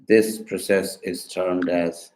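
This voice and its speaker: Man, student type: deep and flat, unhurried, hesitant phrasing. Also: low-quality recording. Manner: hesitant, with fillers and restarts while working through a question. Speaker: student asking questions. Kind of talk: casual spoken questions.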